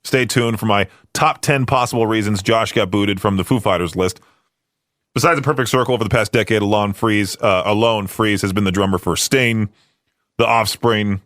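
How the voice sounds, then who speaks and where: A man's voice: lowish voice, fairly bright tone, dry recording, clean studio sound. A man hosting a radio podcast, chatting casually about news in a rambling way, with plenty of fillers and restarts. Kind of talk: casual talk-show commentary.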